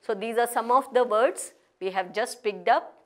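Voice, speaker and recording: A woman's voice: a little high, moderate pace. A woman teaching pronunciation, spelling words out letter by letter and repeating each one with careful emphasis. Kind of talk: slow classroom pronunciation lesson.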